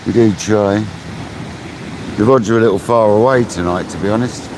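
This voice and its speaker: Laid-back man, fairly deep voice, chatting to his live viewers from a noisy beach with waves crashing behind. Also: normal speed. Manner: chatty, laid-back, laughs often, calls viewers mate. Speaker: fishing live-streamer. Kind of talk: casual live-stream chat with viewers. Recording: outdoor mic with loud surf noise. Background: ocean waves.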